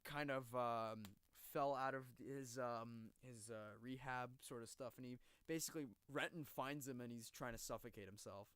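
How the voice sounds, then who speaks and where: A man co-hosting a podcast in casual chat, retelling stories with lively energy and plenty of swearing. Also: medium pitch, normal speed, few pauses, clean tone, dry recording. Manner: animated storyteller, swears freely. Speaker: podcast co-host.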